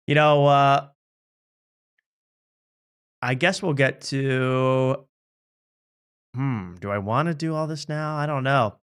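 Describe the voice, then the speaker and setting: A man's voice: medium pitch, slow pace, pauses often, a bit bright, clear, resonant tone. Joking male comedy host. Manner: joking, mock voices, laughs often. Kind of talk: casual riffing commentary.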